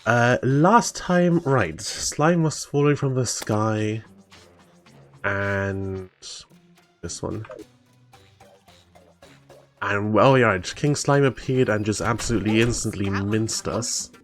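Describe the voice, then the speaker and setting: A man's voice: on the low side, slow pace, pauses often, faint music behind. Wry chatty male game streamer. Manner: wry, chatty, mildly indignant asides. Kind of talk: casual live-stream chat over gameplay.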